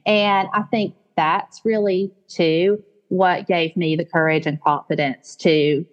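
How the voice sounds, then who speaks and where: A Southern woman in her forties, a business founder, is a guest on a podcast interview. Her voice is low and her pace slow, and she tells her story warmly and with animation, quoting her own thoughts. The audio sounds dull.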